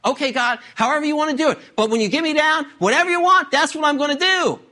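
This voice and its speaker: A preacher voicing a panicked man hanging from a cliff branch, yelling for help in a much higher, louder voice. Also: wildly swooping pitch, moderate pace, full character voice. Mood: frantic. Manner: frantic yelling.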